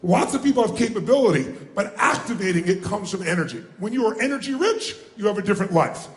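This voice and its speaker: A man giving a live motivational seminar, energetic and firing questions at the audience so they call out answers. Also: sits high, fast, reverberant. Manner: energetic, calls out questions and prompts the crowd to answer. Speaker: motivational speaker. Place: large room with a live audience.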